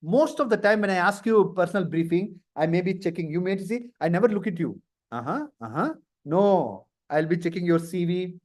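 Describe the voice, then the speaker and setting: A man's voice: sits high, brisk, hardly any pauses. A man coaching students through a live career lesson, often acting out nervous candidates and laughing. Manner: lively, acts out candidates in mock interview snippets. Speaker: career trainer.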